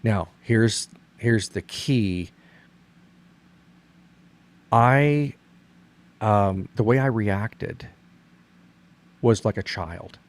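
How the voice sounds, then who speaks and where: A man's voice: fairly low pitch, extremely slow, pauses often. A middle-aged man in casual conversation, earnestly explaining a point with many restarts.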